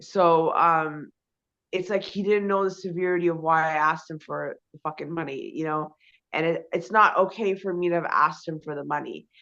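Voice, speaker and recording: A woman with a bright, forceful voice rambles through her answers as an interview guest, loaded with fillers and swearing. The audio is dull and lo-fi. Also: sits low, fairly even intonation, moderate pace. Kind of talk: casual conversation.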